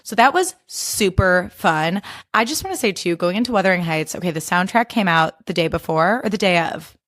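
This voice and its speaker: A woman's voice: fairly low pitch, brisk. A young adult woman hosting a solo podcast in casual chat, gushing and ranting with lots of swearing. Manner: animated, profane, gushing and ranting. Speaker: podcast host.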